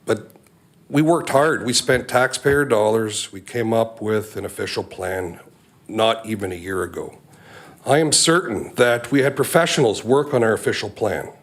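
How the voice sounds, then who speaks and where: A man, a local resident, giving a measured public comment at a council meeting, with frequent ums and uhs. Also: on the low side, a bit bright.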